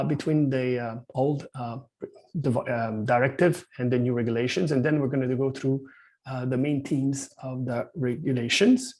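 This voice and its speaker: A man's voice: medium pitch, darkish tone. A man with a Quebec French accent giving a hesitant webinar presentation over a video call, full of fillers and restarts. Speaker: company founder presenting at an industry seminar.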